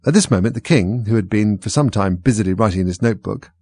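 A man reading a storybook aloud as narrator in a measured, even way. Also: lowish voice, breathy edge, dry recording, studio quality. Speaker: audiobook reader. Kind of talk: scripted narration.

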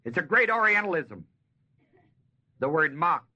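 A man with a slightly high, bright, edgy voice preaches at an unhurried pace. He stretches out key words for emphasis and tosses folksy questions to his listeners. The sound is muffled and lo-fi, like an old sermon tape. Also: sing-song, husky. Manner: folksy, asks the audience questions. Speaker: Bible teacher. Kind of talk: expository sermon.

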